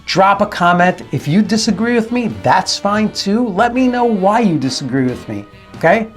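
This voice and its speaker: A man's voice: high-pitched, animated, moderate pace, faint music behind. A man who works as a dialect coach hosts his channel, giving emphatic commentary and repeating his key phrases. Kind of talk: analytical commentary to camera.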